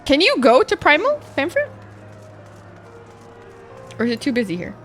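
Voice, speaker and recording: A woman streamer chatting casually with her viewers. Her voice sits fairly high and jumps around a lot, and she swears freely and gets excitable. Faint music plays underneath. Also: normal speed. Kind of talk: casual live-stream chat.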